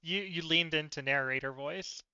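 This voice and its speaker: A man playing a tabletop game, chatting casually and joking, quick to laugh. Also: on the high side, bright, forceful tone, clear, resonant tone, dry recording, highs cut off. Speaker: player.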